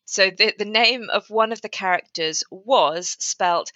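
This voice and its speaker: A woman's voice: mid-range voice, a little slow, hardly any pauses, sharp tone, dry recording, lo-fi sound. A woman author talking through her writing in a casual interview, thoughtful and prone to restarts. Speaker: author guest. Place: lives in North Wales.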